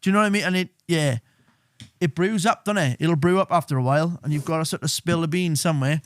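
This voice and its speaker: A man's voice: fairly high pitch, quick pace, no echo, studio quality. A man, co-hosting a podcast in casual, joking chat full of swearing. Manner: swearing, joking, slips into impressions. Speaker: podcast co-host.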